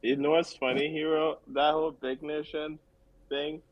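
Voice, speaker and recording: A man's voice: a little high, flat delivery, normal speed, dry recording, lo-fi sound. A man hosting a casual morning chat who greets each guest and laughs easily. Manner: laid-back, laughs easily, greets everyone. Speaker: host.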